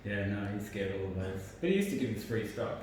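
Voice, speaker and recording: Low-voiced man, far off in an echoey room. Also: quick pace. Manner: relaxed, brief interjections and questions. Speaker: conversation partner. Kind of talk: casual chat. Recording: echoey room, away from the mic, faint noise.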